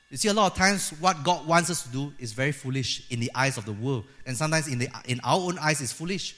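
Lively pastor, slightly high. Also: male voice, a little fast. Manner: lively, acts out quoted voices of God and people. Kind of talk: sermon.

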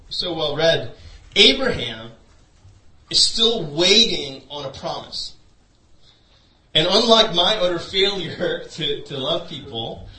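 A man's voice: fairly high pitch, pushed and bright. A man preaching a sermon through a personal story, in a loose conversational way full of "you know". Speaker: pastor. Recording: echoey room, voice from a distance.

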